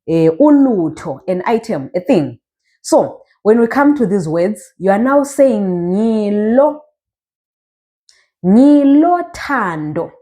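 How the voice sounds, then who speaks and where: A woman with a Zimbabwean Ndebele accent teaching a language lesson, saying each word slowly so learners can repeat it. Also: medium pitch, darkish tone. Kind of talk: slow spoken language lesson.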